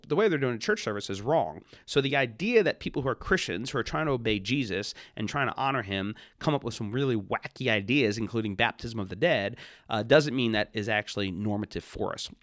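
A man hosting a podcast, reading an article aloud and commenting on it in a quick, conversational way with asides and restarts. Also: on the low side, a bit bright, no room sound, studio quality. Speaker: podcast host.

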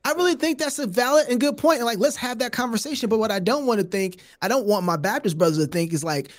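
A man hosting a podcast in casual chat, animated and laughing often as he restarts his sentences. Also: high-pitched, fast talker, no echo, clean studio sound. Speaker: podcast host.

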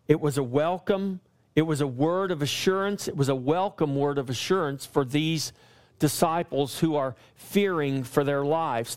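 A pastor delivers a sermon to his congregation in a clear, resonant voice that sits slightly high for a man. He develops his points with repeated lines that rise, and he slows down to stress each word whenever he quotes scripture.

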